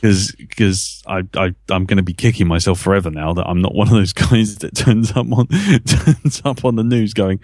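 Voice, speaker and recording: A man's voice: on the low side, moderate pace, hardly any pauses, darkish tone, no echo, studio quality. A man hosting a podcast, telling crude, joking school stories in casual chat. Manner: joking, crude, chatty storyteller. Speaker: podcast host.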